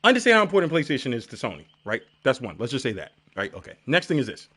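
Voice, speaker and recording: A man streaming a game and chatting casually, telling stories with lots of profanity and shouting out crowd reactions. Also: medium pitch, very fast, breathy edge. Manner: profane, animated storytelling with shouted crowd imitations.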